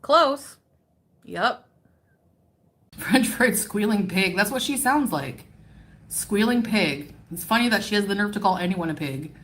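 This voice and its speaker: A woman with a mid-range voice mocks someone with open scorn. She talks in the flat, cutting way of livestream commentary. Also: medium pitch, a little slow. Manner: mocking, scornful.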